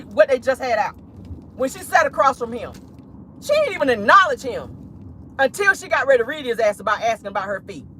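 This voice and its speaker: A woman's voice: on the high side, fairly bright tone, slight background noise. A woman giving casual pop-culture commentary on her vlog, emphatic and preachy, with frequent profanity. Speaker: commentary vlogger.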